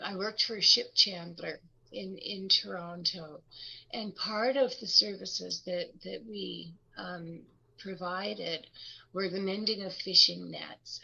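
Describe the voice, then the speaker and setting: An older woman shares a personal story in a women's circle, in an unhurried and reflective way. Her voice is gravelly and a little breathy, with a bright edge. The recording sounds slightly muffled and lo-fi. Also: medium pitch. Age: older, about 70s. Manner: reflective, with many pauses and restarts. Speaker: guest speaker in a women's circle.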